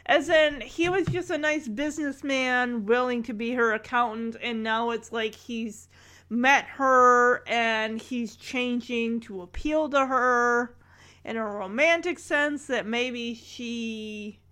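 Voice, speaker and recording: Woman recapper, fairly high voice, unhurried and chatty, quotes the scenes in character. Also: bright, forceful tone, clean tone. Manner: chatty, acts out lines from scenes. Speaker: show recapper. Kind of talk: casual recap chat.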